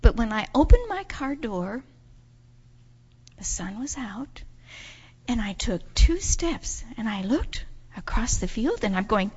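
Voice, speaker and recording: A woman telling a children's story in church, animated and expressive, putting on voices for the people in her tale. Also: slow pace, pauses often, husky. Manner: expressive, acts out voices with big pitch jumps. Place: church sanctuary. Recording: dull sound in a reverberant church hall.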